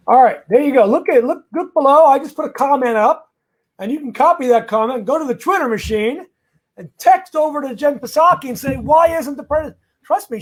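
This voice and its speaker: A man with a strikingly high voice for his sex hosts a live question-and-answer stream as an immigration lawyer. He is energetic and chatty and greets viewers by name. He stresses his legal points emphatically, as if rallying a crowd. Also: slightly rough.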